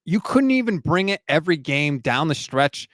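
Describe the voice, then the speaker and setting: A man co-hosting a casual sports talk livestream, animated and quick to laugh. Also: a little high, no room sound, clean studio sound. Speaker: sports podcast co-host.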